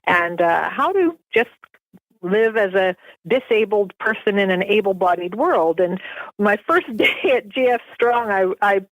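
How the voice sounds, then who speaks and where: A woman guest on an interview show telling personal stories in an animated way, laughing often. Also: medium pitch, unhurried, dry recording, muffled recording. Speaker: guest author. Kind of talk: storytelling in a podcast interview.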